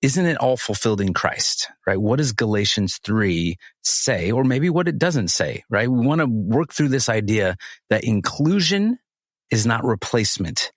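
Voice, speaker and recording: A man's voice: medium pitch, sing-song, measured pace, no room sound, studio quality. A man co-hosting a podcast who guides the conversation in an upbeat way and laughs easily. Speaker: podcast co-host.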